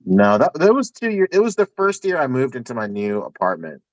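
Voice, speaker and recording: Teasing podcast guy, pitch jumps all over, laughs a lot, dry sound. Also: very animated, brisk, no echo. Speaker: podcast co-host. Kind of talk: casual chat.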